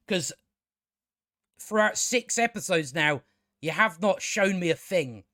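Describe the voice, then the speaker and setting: A man's voice: high voice, expressive, slow pace, sharp tone, dry recording, clean studio sound. A man giving a casual spoken TV review, ranting with exasperation, stumbling over restarts and swearing.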